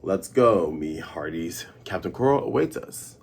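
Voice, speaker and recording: A menacing pirate captain's underling, rumbling low and quiet, voiced by a man retelling a comic. His husky growl gloats over beaten foes and rallies his crew to march on. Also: expressive, measured pace, full character voice. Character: gruff male pirate, menacing and boastful.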